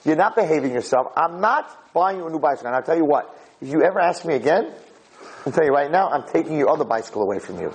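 A man's voice: a little high, expressive, fast talker, breathy edge, pitched above the performer's own voice, poor audio. A man doing a stern scolding father. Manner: raised scolding voice. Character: stern angry father scolding his son.

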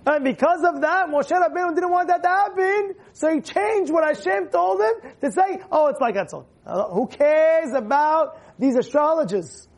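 Lively man teaching a Torah lesson. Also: very high voice, moderate pace, few pauses. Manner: lively, questions the listeners, acts out stories. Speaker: religious teacher.

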